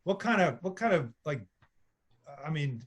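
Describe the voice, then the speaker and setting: A man in his forties, a sports broadcaster, telling animated, self-mocking stories as a podcast guest. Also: fairly high pitch, measured pace, slightly rough. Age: 40s. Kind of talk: casual storytelling.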